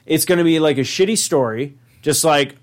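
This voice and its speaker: A man in casual podcast chat, excitable and profane, pitching ideas with animated storytelling. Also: normal speed.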